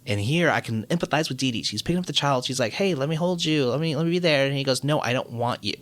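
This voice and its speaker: Animated man recapping cartoons. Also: quick pace. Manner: animated, acts out characters' lines in high voices, swears freely. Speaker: podcast co-host. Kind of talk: casual chat recapping cartoons over drinks.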